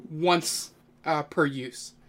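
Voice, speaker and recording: Young man running a tabletop game, halting. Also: a little high, steady tone, a bit bright. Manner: hesitant, many ums and uhs. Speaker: game master.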